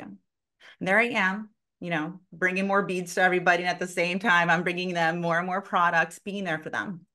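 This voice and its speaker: A woman's voice: fairly low pitch, brisk. A woman in her thirties, a sales consultant telling stories in a casual interview, who acts out the people she quotes, swears freely and fills her talk with "like". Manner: animated, acts out quoted voices, heavy use of "like".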